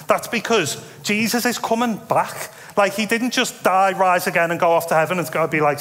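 A preacher in his thirties talks through his sermon in a casual, self-deprecating way. His voice sits a little high for a man. A long reverb from the big hall trails behind every phrase. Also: normal speed. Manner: conversational, self-deprecating, animated asides.

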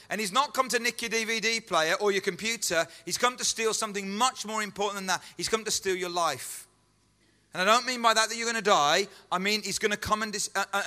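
Bright, high-voiced preacher in a hall. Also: male voice. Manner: earnest and emphatic, with repeated phrases and rhetorical questions. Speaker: pastor. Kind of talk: sermon. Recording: echoey hall.

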